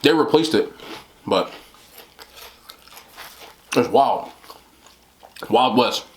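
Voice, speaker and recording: A man's voice: medium pitch, animated, drawn-out words, a little hiss or hum. A man hosting an eating show, rambling casually with lots of "like" and "you know". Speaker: mukbang host. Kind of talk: casual chat while eating.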